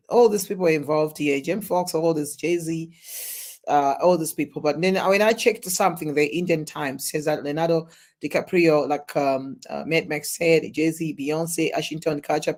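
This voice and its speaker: Very slow halting streamer reading chat out loud, keeps restarting, random loud woos. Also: medium pitch. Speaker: live stream host. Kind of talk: live reaction stream reading viewer chat.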